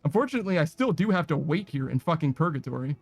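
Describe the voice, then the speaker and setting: A man's voice: fairly high pitch, expressive, fast talker, vocal fry, no echo. A man giving casual, profane, sarcastic commentary while playing a video game. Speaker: gaming streamer.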